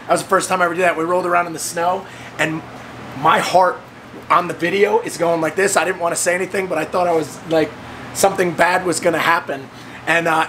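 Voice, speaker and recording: A high, bright man's voice, animated and storytelling, acting out the quoted voices with big leaps in pitch. He speaks casually as a host, over a faint hiss of background noise. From United States. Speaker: host of the fitness training program.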